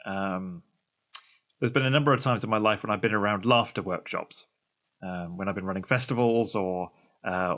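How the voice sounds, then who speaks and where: A middle-aged British man chatting on a podcast, telling a story with lively acted-out voices. His tone is conversational and relaxed. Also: fairly low pitch. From Britain. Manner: animated storyteller, acts out quoted voices. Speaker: podcast co-host.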